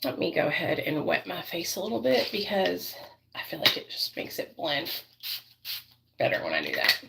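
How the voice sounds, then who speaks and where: A woman's voice: fairly low pitch, wildly swooping pitch, moderate pace, gravelly, heavy background noise. A woman vlogging casually while doing her makeup, rambling and chatty with many fillers, and doting on her dog. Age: adult parent.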